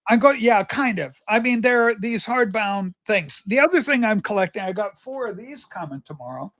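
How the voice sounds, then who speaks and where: A man with a notably high-pitched voice chats on a livestream. He tells stories with eager, rambling enthusiasm, talking straight to his viewers. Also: lively intonation, moderate pace, a bit bright. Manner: chatty, enthusiastic storyteller. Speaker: livestream host. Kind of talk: casual chat.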